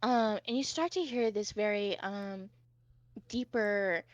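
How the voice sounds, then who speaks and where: A woman's voice: mid-range voice, slow pace, no echo, lo-fi sound. A woman running a tabletop game. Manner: relaxed, with fillers and laughs. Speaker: game master.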